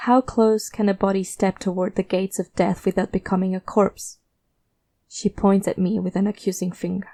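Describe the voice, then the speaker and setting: A woman narrating a first-person fiction story in a measured, tense, steady way. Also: medium pitch.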